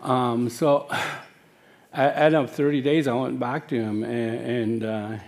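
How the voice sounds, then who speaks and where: A man in his sixties telling his life story as personal testimony, halting, with many fillers and self-corrections. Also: medium pitch, fairly even intonation, gravelly.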